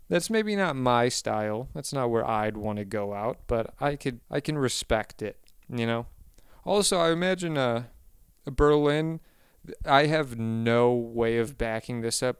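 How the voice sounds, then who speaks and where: A man delivering a rambling comedic monologue, often stopping to correct himself, with deadpan asides. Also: mid-range voice, measured pace, clear, resonant tone, dry recording, clean studio sound.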